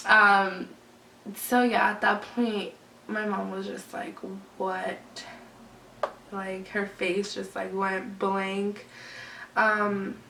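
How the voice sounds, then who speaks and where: A woman's voice: mid-range voice, a bit bright. Chatty young woman vlogging in a roomy space. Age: 20s. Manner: chatty, lots of "like" fillers, emotional retelling. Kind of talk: casual storytime vlog. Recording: roomy, slightly distant camera mic with faint hum.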